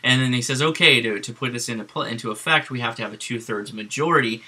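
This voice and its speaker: Guy vlogging about politics, really bright tense voice, laughing as he goes. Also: mid-range voice, fast talker. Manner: amused, chuckling retelling with fillers. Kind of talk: casual commentary.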